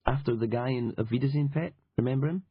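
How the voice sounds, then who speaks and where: A man with a husky voice voicing a sharp, sardonic Scottish woman journalist with a blunt, profane manner, in an audiobook. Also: mid-range voice, quick pace, no echo, natural voice. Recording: dull lo-fi audiobook recording.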